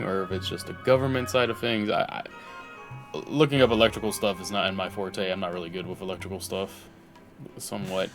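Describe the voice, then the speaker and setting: A male streamer chatting casually while playing, rambling and laughing as he goes. His voice sits a bit low, and soft music runs quietly in the background. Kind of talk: casual chat while gaming.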